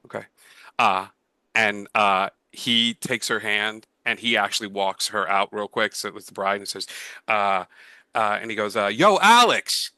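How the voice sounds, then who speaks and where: A man's voice: fairly low pitch, little pitch movement, moderate pace, sharp tone, clean tone, no room sound, low-quality recording. A man running a tabletop game as game master, narrating in a rambling way with lots of restarts.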